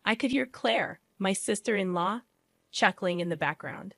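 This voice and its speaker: A woman narrating a first-person family story in an even, measured way. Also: medium pitch, gravelly.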